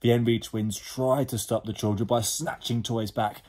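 A man reading a children's storybook aloud as a teacher, expressive and animated. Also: mid-range voice, moderate pace, few pauses.

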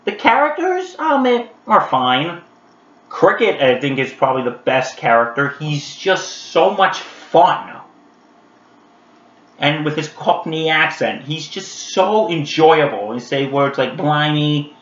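A man reviewing an old animated holiday special in a casual vlog, chatty and animated with lots of fillers, talking straight to his viewers. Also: fairly high pitch, takes it slowly. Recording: roomy, dull lo-fi sound.

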